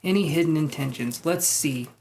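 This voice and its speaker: A man giving a live-streamed tarot reading, reading chat messages aloud and thinking aloud in a relaxed, soft-spoken way. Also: fairly high pitch, normal speed, heavy background noise. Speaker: tarot reader.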